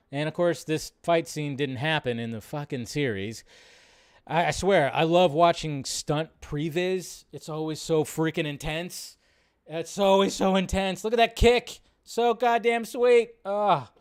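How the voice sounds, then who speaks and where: Excitable man hosting a live stream. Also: on the high side, unhurried, smooth, no echo, studio quality. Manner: excitable, swearing, lots of fillers. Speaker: host. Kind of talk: casual live-stream chat.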